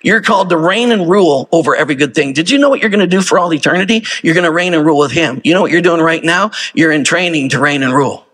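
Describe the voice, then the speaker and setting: A man preaches with a husky, slightly high voice. He talks to his congregation in a loose, conversational way, throwing out rhetorical questions as he goes. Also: fast talker, hardly any pauses, fairly bright tone. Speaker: pastor. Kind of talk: sermon.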